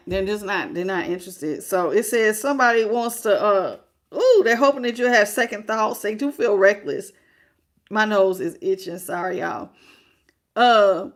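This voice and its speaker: Chatty woman doing a live tarot reading. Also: mid-range voice. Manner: chatty, greets viewers by name, frank and folksy; calls viewers baby, talks straight to them. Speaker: tarot reader.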